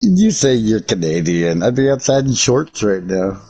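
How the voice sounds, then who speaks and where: American guy streaming, slightly raspy voice, loose and profane, riffing with chat. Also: fairly low pitch, very animated, measured pace, mellow. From United States. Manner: profane joking banter with chat. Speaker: game streamer. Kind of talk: casual livestream chat.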